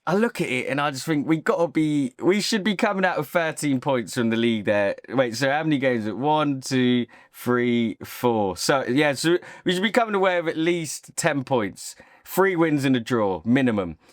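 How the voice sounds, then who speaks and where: A man's voice: mid-range voice, expressive, normal speed, hardly any pauses, no room sound, studio quality. Opinionated man reacting to football. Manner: opinionated, talks straight to camera. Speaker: football channel host. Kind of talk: casual football reaction monologue.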